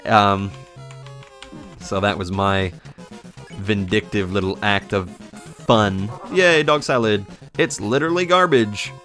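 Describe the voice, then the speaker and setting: A man's voice: lowish voice, slow pace, long pauses, fairly bright tone, faint music behind. A man in his twenties, a game commentator telling a casual story in a sarcastic, profane way. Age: 20s.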